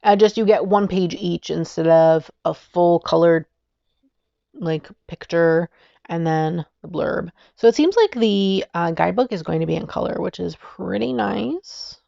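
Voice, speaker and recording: Woman gushing over new decks, slow easygoing talk, kinda gravelly, dull dry lo-fi sound. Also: lowish voice, mellow, dry recording. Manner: gushing, enthusiastic, giggly. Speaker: tarot deck reviewer. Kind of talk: casual video review.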